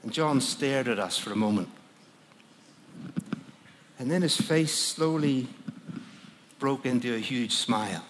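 A man's voice: mid-range voice, animated, slow pace, long pauses, big-room sound, slight background noise. A man preaching a sermon as a dramatic first-person story, often hesitating and searching for words. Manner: hesitant, searching for words, with frequent fillers and laughs. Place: large conference hall.

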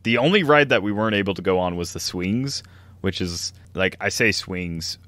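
Deep-voiced man in rambling podcast chat. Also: normal speed, fairly bright tone, dry recording. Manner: rambling, laughs often. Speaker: podcast co-host. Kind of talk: casual chat.

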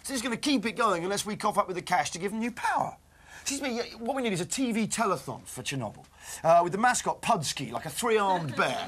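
A man's voice: sits high, big pitch swings, fast, a bit bright, breathy edge. A British man presenting live breakfast television, reading newspaper puns with playful, mock-indignant banter. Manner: playful, mock-indignant, jumps between bits. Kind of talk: jokey live studio banter.

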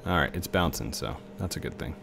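Deep-voiced man rambling over gameplay. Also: expressive, fairly quick, creaky, noisy background. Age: 30s. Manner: rambling, chatty, talks to the game objects. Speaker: let's play host. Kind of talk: casual gameplay commentary.

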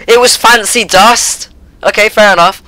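A man hosting a gaming channel, giving excitable let's-play commentary and yelping and shouting at the game. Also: sits high, normal speed, noisy background.

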